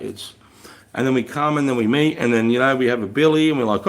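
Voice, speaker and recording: A man's voice: medium pitch, fast. Australian man in his thirties, livestream guest, casual and rambling, heavy swearing. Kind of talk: casual chat.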